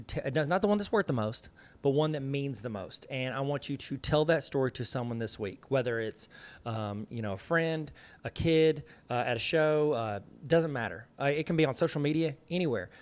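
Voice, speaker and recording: Speaking at a normal speed in a medium pitch, a Southern US-accented host tells stories enthusiastically during a relaxed conversation.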